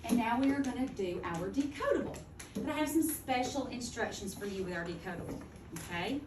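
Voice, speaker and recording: A woman's voice: on the high side, lively intonation. Teacher woman in an echoey classroom. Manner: clear, deliberate teacher talk, slowing to model words. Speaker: second grade teacher. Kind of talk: classroom phonics lesson. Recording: echoey classroom from far off, noisy.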